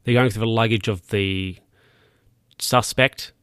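A man's voice: on the low side, steady tone, measured pace, a bit bright, clear, resonant tone, no room sound, studio quality. A man casually recapping a film scene by scene, rambling and correcting himself with plenty of fillers.

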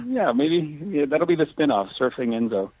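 A man's voice: on the high side, animated, breathy edge, no echo. A man, an actor guest in a casual interview, talking carefully and holding back spoilers. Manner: careful and measured, avoids spoilers. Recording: tinny phone line, dry.

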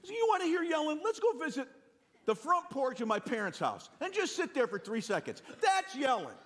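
A man in his sixties with a Northeastern US accent, preaching a sermon with animated, self-deprecating stories and frequent restarts. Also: very high-pitched, fairly quick, some chatter behind, slight background noise. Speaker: pastor.

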